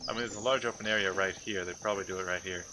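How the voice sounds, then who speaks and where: Guy with a lowish voice talking to himself over a game, crickets and noise behind. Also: steady tone, rapid-fire. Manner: muttering to himself, thinking aloud. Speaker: gameplay commentator. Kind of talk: casual game commentary.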